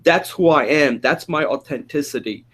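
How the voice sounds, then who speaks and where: A man hosting a casual chat, speaking quickly with an Indian accent and sometimes slurring words. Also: on the high side, fairly bright tone, husky. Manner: fast, gesturing, slightly slurred at speed. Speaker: host.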